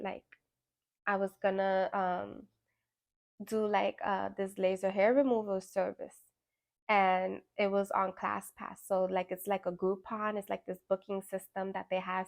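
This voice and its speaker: A woman's voice: medium pitch, gravelly. A woman guiding a full moon ritual, talking in a casual, reflective way with lots of fillers and tag questions. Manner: animated storytelling with acted-out quotes. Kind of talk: casual reflective spiritual talk.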